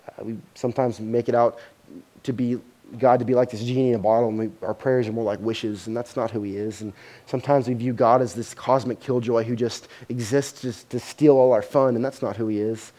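A pastor preaching a sermon, telling a story in an animated way that grows loud at its dramatic moments. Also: male voice, mid-range voice, a little fast.

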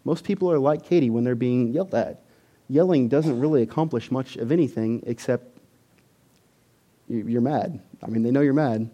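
A man preaching a sermon as pastor, animated and emphatic, building at times to near-shouting. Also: mid-range voice, moderate pace, dull audio.

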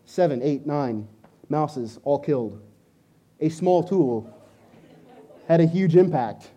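A man in his thirties preaching a sermon, telling a story with animated delivery and loud bursts when acting out his own lines. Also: a little high, slow pace, lo-fi sound. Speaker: pastor.

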